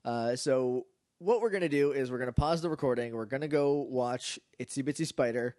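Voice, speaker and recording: A man's voice: mid-range voice, a little fast, mellow, no echo, studio quality. A man co-hosting a casual podcast, a little nasal and stuffed up, rambling and laughing often. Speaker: podcast co-host. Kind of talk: casual chat.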